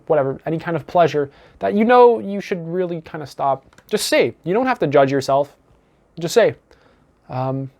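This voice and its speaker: A man coaching viewers in a calm, deliberate teaching talk. His voice sits slightly higher than most men's. He is earnest, repeats his main phrases, and drops in easy fillers as he goes. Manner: casual fillers like "you know". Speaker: self-improvement coach. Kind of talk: teaching monologue to camera.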